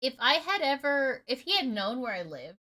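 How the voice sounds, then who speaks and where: A woman's voice: sits high, sing-song, moderate pace, bright, forceful tone. A woman in her thirties streaming from home, telling a personal story in a casual, candid way and swearing freely. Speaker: gaming streamer.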